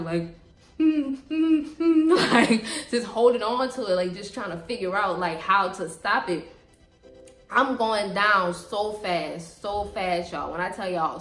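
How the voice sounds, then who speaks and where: Animated young woman with a Southern accent. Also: mid-range voice. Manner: animated, dramatic, lots of fillers. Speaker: vlogger. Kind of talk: storytime vlog. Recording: echoey room with faint music.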